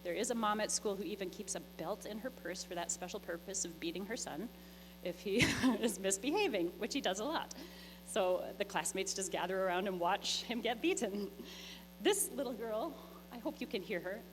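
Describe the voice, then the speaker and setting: A middle-aged woman, a missionary teacher telling lively stories to a congregation and acting out the dialogue. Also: mid-range voice, normal speed. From Canada. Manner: lively, anecdotal, acts out dialogue. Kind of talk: storytelling presentation. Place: church hall. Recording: echoey church hall with mains hum.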